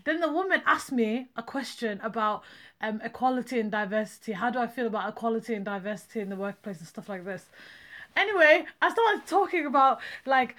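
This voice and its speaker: A young woman in her twenties, a podcast co-host, telling a story in casual chat with animated delivery and frequent laughter. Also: on the high side, a little fast. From England.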